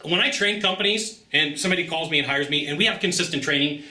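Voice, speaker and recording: A man, a sales trainer, telling a story in a casual vlog monologue, animated and emphatic, tagging his points with quick asides. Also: fairly high pitch. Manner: conversational, tags points with "okay?" and "right?". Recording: roomy echo.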